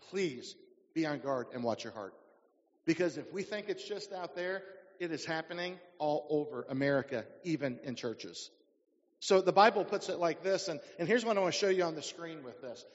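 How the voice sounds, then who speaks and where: Male pastor, high voice, sermon with call-and-response questions, dull hall recording. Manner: preaching with rhetorical questions to the congregation. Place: church sanctuary. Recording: dull sound in a reverberant church hall.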